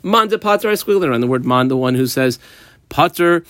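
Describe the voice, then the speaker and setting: Lively casual Talmud teacher, dry sound. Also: male voice, mid-range voice, brisk, no room sound. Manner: explains text line by line, mixing Aramaic terms, casual asides. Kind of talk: daf study lesson.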